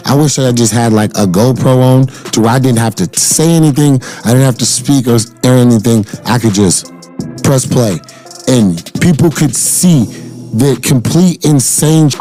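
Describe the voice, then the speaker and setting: Mellow-voiced man telling a story. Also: mid-range voice, normal speed, faint music behind. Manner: animated retelling, quotes others in dialogue. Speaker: speaker defending himself over a dispute. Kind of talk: casual storytelling, recounting an incident.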